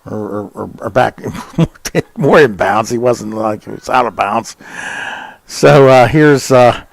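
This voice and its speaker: Chatty folksy man calling high school soccer. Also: vocal fry, no echo. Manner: folksy and chatty, with many fillers, quickening on shots. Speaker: play-by-play announcer. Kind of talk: casual sports commentary.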